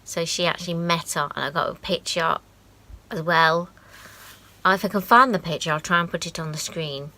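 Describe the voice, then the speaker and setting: A woman in her forties from the UK, chatting casually and sentimentally as she shows keepsakes to her channel, with quiet asides. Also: lowish voice, normal speed. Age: 40s. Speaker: craft vlogger. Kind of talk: casual show-and-tell.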